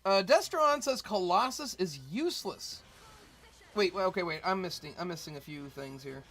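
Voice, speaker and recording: A man's voice: high-pitched, animated, moderate pace, a bit bright, soft background music. A man co-hosting a casual gaming stream, explaining the game and reading chat aloud. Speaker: streamer, co-host.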